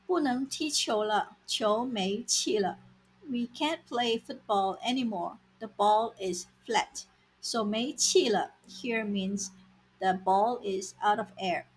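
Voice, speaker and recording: A woman teaching vocabulary in a scripted lesson, saying words slowly and repeating them for learners. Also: medium pitch, breathy edge, poor audio. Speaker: language teacher.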